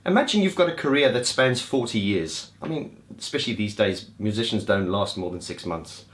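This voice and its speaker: A man's voice: fairly low pitch, animated, fairly quick, hardly any pauses. A man giving a casual, enthusiastic spoken review of concerts, rambling and restarting as he goes. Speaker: music vlogger reviewing gigs.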